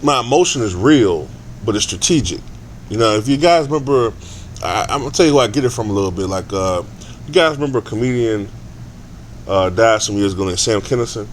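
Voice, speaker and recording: A man's voice: on the low side, lively intonation, brisk, a little hiss or hum. A man ranting casually in a vlog, profane and rambling, with stammered restarts. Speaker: sports vlogger.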